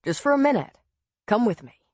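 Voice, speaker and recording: A woman reading a gentle grown man. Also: a little high, sing-song, a little fast, no echo, clean studio sound, pitched above the performer's own voice. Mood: tender. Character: tender, composed grown man, a suitor.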